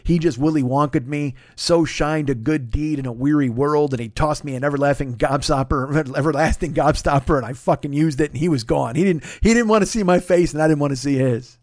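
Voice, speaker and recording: A man's voice: on the high side, fairly quick, hardly any pauses, darkish tone, no room sound, clean studio sound. A man, a comedian and show host, telling a story in a profane, exasperated rant full of rhetorical questions. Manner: exasperated, swears constantly, rants with rhetorical questions. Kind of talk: profane comic storytelling monologue.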